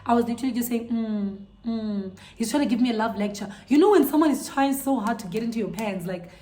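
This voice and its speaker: Animated woman in an echoey room. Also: fairly high pitch, racing. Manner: animated, incredulous storytelling to viewers. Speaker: vlogger. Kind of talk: storytime vlog.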